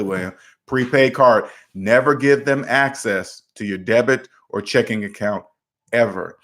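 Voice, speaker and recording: A man's voice: mid-range voice, fairly bright tone. Man giving blunt debt advice. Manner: direct and emphatic, repeats words. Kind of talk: livestream answering viewer questions.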